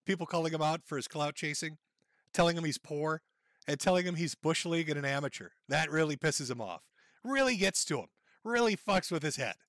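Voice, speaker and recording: A man's voice: a little high, lively intonation, a little fast, a bit bright, no echo. A man hosting a stream, mocking and ridiculing the person in the clips he plays. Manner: sneering, ridiculing, laughs at clips.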